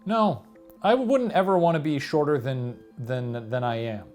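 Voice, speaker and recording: A man's voice: medium pitch, unhurried, darkish tone, faint music behind. A young man co-hosting a casual chat, dry and teasing, reading out listener comments. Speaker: co-host. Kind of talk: casual banter.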